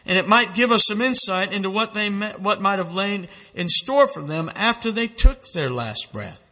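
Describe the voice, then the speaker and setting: A man's voice: high voice, animated, normal speed, pushed and bright, big-room sound. A man preaching a fiery sermon, dramatic and intense, reading quotations aloud with mounting feeling. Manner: dramatic, reads quotes aloud with rising intensity. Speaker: street preacher.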